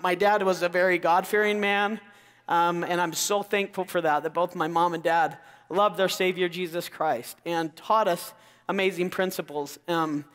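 In a big auditorium with long hall reverb, a high-voiced man from Idaho delivers an energetic motivational keynote. He's enthusiastic and keeps the crowd engaged by calling out questions to them.

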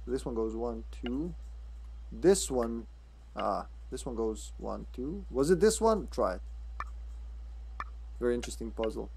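Casting: casual male streamer, rambling and stammering commentary over gameplay, mid-pitched voice. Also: animated, measured pace, creaky, long pauses, a little mellow, a little hiss or hum. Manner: rambling, stammering, swears and laughs a lot. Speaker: streamer playing a horror game.

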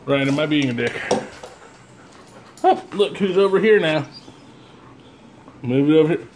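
A man at home teases and coaxes his dog in a playful, slow drawl. His pitch swings up and down. A faint background hiss sits behind him. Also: expressive. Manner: teasing, playful, coaxing. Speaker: vlogger. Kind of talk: casual talk to a pet. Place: home room with dogs around.

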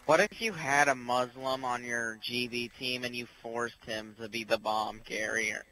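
A man's voice: medium pitch, fairly even intonation, measured pace, sharp tone, slight background noise, low-quality recording. A man chatting over a headset during a video game, teasing and making mock announcements. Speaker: teammate in party chat. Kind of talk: casual gaming banter.

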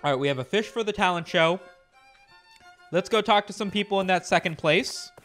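A man's voice: high-pitched, a little fast, a bit bright, faint music behind. A man streaming a game, joking and bragging to his chat as he plays. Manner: jokey boastful banter with chat. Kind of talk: let's play commentary.

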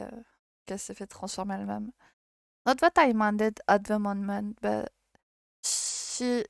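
A French woman streaming and reading a visual novel aloud in English, hesitant and halting, often laughing between lines. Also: mid-range voice, creaky, smooth, no room sound, studio quality. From France.

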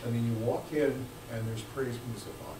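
Joking pastor in an echoey church. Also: male voice, medium pitch, moderate pace, noisy background. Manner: lively, joking, swings between hushed asides and loud bursts. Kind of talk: sermon. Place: church sanctuary. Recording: echoey church room, mic at a distance.

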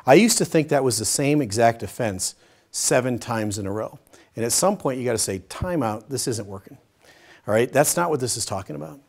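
A man teaching a Bible study session in a conversational, demonstrative way, acting out short everyday dialogues in a softer voice. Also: medium pitch, expressive, a little fast, creaky. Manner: demonstrative, uses a pen as a prop.

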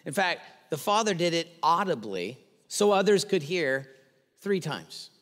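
Man, pastor, preaching a sermon, fairly high voice, lively, acts out quotes, long reverb of a church hall. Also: normal speed. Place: church sanctuary.

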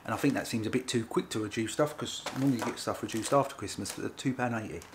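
A man's voice: on the low side, quick pace, background noise. Chatty man reviewing food in his kitchen. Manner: chatty, rambling, playful. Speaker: food reviewer, channel host. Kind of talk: casual vlog chat. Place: home kitchen.

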